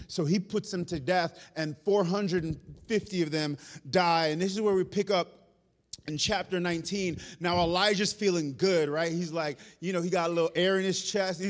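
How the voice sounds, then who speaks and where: A male pastor, preaching an animated, storytelling sermon in a church. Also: high voice, moderate pace. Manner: animated, storytelling, self-aware asides. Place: church sanctuary.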